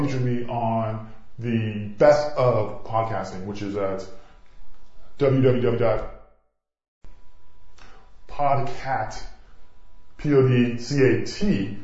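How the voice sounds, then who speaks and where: A man's voice: medium pitch, a little mellow. A man hosting a podcast in loose, rambling casual chat, swearing and chuckling. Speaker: podcast host. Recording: echoey room, dull sound, faint guitar music.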